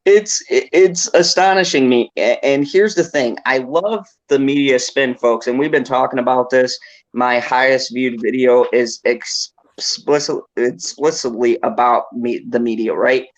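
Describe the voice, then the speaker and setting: A man hosting a casual podcast, ranting excitedly and laughing often. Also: medium pitch, unhurried.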